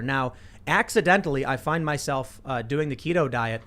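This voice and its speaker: A man's voice: mid-range voice, fairly quick, a bit bright. A man hosting a casual political talk show from a studio, rambling with lots of restarts and repeated words. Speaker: show host. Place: podcast studio.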